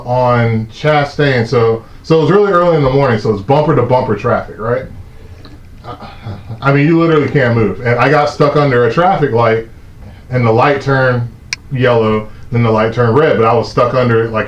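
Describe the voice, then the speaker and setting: A man, hosting a live stream and telling a story in a casual, animated way, swearing often and acting out the shouting cops. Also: medium pitch. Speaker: host of a live stream talk show. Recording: echoey muffled room sound.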